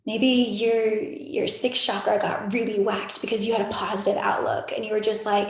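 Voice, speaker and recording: A woman in her twenties leading a guided meditation on a video call, talking in a soft, soothing, repetitive way with casual filler words. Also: mid-range voice, little pitch movement, normal speed, heavy reverb. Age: 20s. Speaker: spiritual meditation leader. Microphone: video call microphone.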